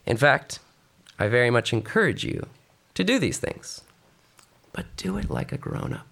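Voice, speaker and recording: A man's voice: mid-range voice, vocal fry. A man preaching a sermon who reads scripture aloud and then urges his listeners on. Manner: expressive, reading scripture then exhorting the congregation.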